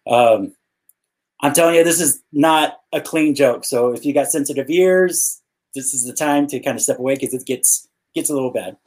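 A man's voice: medium pitch, moderate pace. A man co-hosting a casual podcast, telling a long joke and acting out the characters' lines. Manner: animated, acts out characters in his jokes. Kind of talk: casual storytelling.

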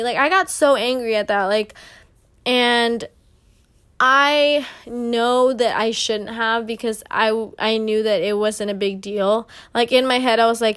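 A woman's voice: fairly high pitch, steady tone, moderate pace, a bit bright, smooth. A young woman hosting a solo podcast, telling a story in a chatty way with lots of fillers and acted-out quotes. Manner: chatty, filler-heavy, acts out quoted exchanges. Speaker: podcast host.

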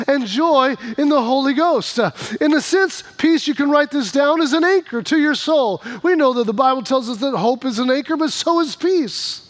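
A male pastor preaching a sermon, telling stories with emphatic repetitions. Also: very high-pitched.

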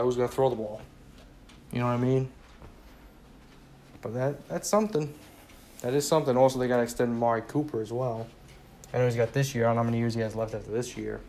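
A man's voice: mid-range voice, darkish tone, slight background noise. A man talking alone in a casual sports rant, rambling, repeating "you know" a lot and swearing when he gets worked up. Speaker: sports fan podcaster.

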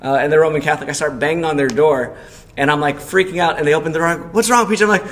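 A man's voice: on the high side, steady tone, quick pace. A man preaching a sermon as pastor, telling a personal story in a conversational way and asking the congregation questions. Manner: storytelling with loud acted panic in quotes.

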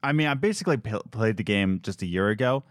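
Young man, podcast co-host, animated storyteller, lively pitch, dry close sound. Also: fast talker, no room sound. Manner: animated storyteller acting out quotes. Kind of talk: casual chat.

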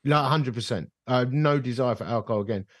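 A man's voice: medium pitch, quick pace, no room sound. Man telling a story, dry close sound. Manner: animated storyteller who acts out dialogue. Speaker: podcast guest, ministry leader. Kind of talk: storytelling in casual conversation. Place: bar.

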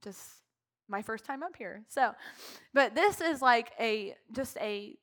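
Woman, worship leader, emotional, laughing often, bright tense tone, slightly high, soft music behind. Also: expressive, takes it slowly. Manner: emotional, laughing through her words, heavy use of "like". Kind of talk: impromptu church talk. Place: church sanctuary.

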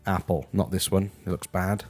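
Deep, deadpan rambling man. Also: normal speed, breathy edge. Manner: deadpan, rambling, many ums. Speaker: host. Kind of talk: deadpan comedic review. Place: his house, walking to the kitchen.

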